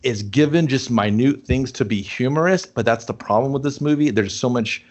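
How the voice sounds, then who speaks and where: A man co-hosting a casual movie review podcast, talking in an animated, profane way and acting out lines from the film. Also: mid-range voice, normal speed. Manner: animated, swears a lot, acts out lines in funny voices. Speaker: podcast co-host.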